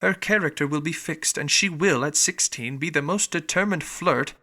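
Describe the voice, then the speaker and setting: A male narrator voicing a sensible young woman pleading earnestly and deliberately. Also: fairly high pitch, pushed and bright.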